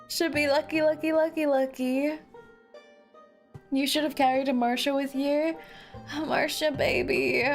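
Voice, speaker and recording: A young woman with a high, bright-pitched voice chats her way through a game in a slow, unhurried drawl. She gets excitable easily and stretches her complaints into long, whiny cries, with faint game music playing underneath. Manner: excitable, drawn-out whining cries. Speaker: streamer. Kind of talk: casual gameplay commentary.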